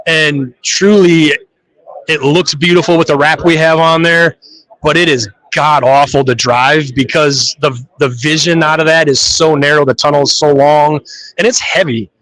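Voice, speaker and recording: A man's voice: fairly high pitch, steady tone, moderate pace, a bit bright, low-quality recording. A man who drives funny cars, telling stories in a live interview and acting out his own reactions. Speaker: funny car drag racer. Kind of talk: live trade show interview.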